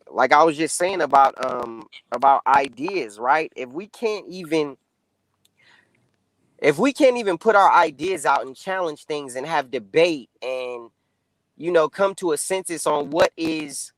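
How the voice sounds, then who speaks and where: A man's voice: a little high, a bit bright, no echo, rough recording. A man speaking as a guest in a casual political discussion, loose and conversational with lots of fillers.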